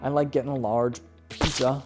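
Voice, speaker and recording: Faint music plays behind this Canadian host as he rants about bad ads, his medium-pitched voice level in tone, a little mellow, at normal speed. His reaction commentary is profane and exasperated, peppered with repeated "okay?"s.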